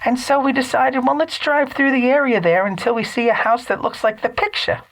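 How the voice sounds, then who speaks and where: A man voicing his own mother as a chatty middle-aged woman with an affected, nasal, drawn-out way of talking. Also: very high voice, steady tone, a bit bright, pitched above the performer's own voice, poor audio. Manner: drawn-out, gossipy storytelling.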